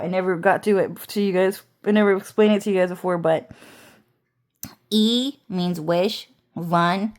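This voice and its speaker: A woman rambling through a personal story in a casual vlog, swearing often, laughing, and restarting her sentences. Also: fairly low pitch. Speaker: vlogger.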